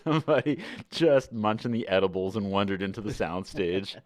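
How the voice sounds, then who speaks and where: A man's voice: on the low side, lively intonation, normal speed, darkish tone. A man co-hosting a podcast in casual chat, rambling with many filler words. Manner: rambling, full of filler likes. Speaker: podcast co-host.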